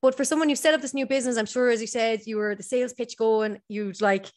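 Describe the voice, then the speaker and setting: A woman's voice: on the high side, fairly even intonation, quick pace. A woman hosting an interview, chatty and enthusiastic in a casual conversation. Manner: chatty, enthusiastic, talks over. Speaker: podcast host.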